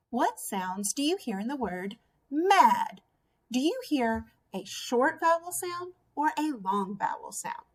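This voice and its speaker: A woman teaching a phonics lesson to young children, sounding out each vowel slowly and clearly. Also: fairly high pitch. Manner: slow, drawn-out sounding out of vowels. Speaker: first grade teacher.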